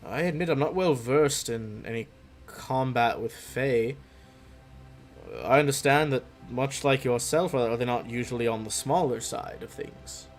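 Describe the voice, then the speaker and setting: A man's voice: mid-range voice, a little slow, faint music behind, lightly acted. A man voicing a formal male noble who speaks in stiff, courtly phrases. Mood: polite.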